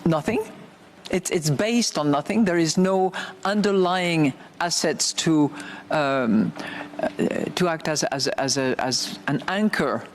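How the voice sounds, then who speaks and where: A woman central banker with a French accent, speaking in a measured, hesitant way in an interview clip. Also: low-pitched, a little hiss or hum.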